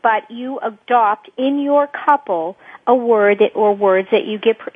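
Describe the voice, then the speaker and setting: A woman working as a couples therapist, explaining and acting out examples of anger in a lively, teaching way. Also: mid-range voice, slightly rough, dry recording. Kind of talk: radio talk. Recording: dry phone-line radio sound.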